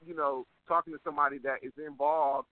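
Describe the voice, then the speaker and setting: A man's voice: on the high side, steady tone, fairly quick, no echo. A man co-hosting a podcast, chatting in an opinionated, casual way with many fillers. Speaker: podcast co-host. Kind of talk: casual chat. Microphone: phone call. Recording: tinny phone-line sound.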